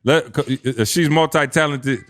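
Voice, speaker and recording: A man's voice: fairly high pitch, moderate pace. A middle-aged man hosting a podcast, chatting casually and hyping up the others around him. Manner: excitable, hypes others up. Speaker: podcast host. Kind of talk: casual chat.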